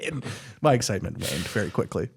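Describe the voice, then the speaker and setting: A man's voice: low voice, fast, creaky, slight background noise. A man hosting a podcast in casual chat, swearing and acting out reactions. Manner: animated, swearing, acts out reactions. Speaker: podcast host.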